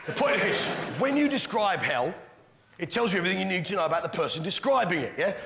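A man's voice: sits high, big pitch swings, fast talker, creaky. A British man doing a brash, sweary stand-up routine, quizzing the audience. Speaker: stand-up comedian. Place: comedy venue. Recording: roomy club, loud crowd noise.

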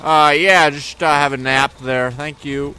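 A man doing let's play commentary in a goofy, joking way, often yelling at enemies. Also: mid-range voice, flat delivery, a little slow. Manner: goofy, jokey, yells at enemies. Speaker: gaming video host.

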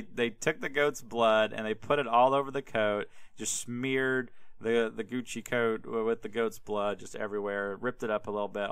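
Bright, crisp young man riffing casually. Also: medium pitch, no room sound. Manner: laid-back, rambling, lots of fillers and acted-out voices. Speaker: podcast host. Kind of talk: casual comedic Bible retelling.

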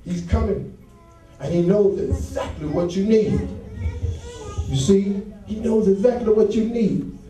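A man preaches with fervent intensity and builds into shouts, in a high, ringing voice. He sounds distant from the microphone. The sound echoes heavily around a large church sanctuary. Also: steady tone, unhurried, long pauses. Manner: fervent, rising to shouts, call-and-response. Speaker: associate pastor. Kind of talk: sermon. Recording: very echoey church hall, mic far off.

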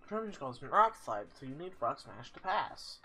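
A man narrates his video game session in a casual, joking way and reads the on-screen text aloud. His voice is bright and very animated, rising and falling constantly. Faint game music plays underneath. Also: fairly high pitch, normal speed. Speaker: let's play host. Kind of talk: casual gameplay commentary.

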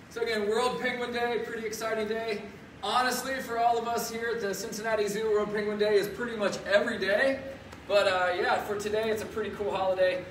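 A man presenting as a zookeeper, talking upbeat and chatty through a face mask inside a zoo birdhouse. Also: high-pitched. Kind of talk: casual educational live stream. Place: indoor zoo birdhouse with penguins. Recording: echoey room, distant mic, faint noise.

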